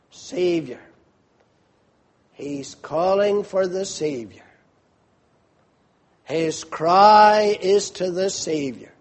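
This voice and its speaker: A male preacher delivering a sermon, retelling a scene vividly and asking listeners to picture it. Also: high voice.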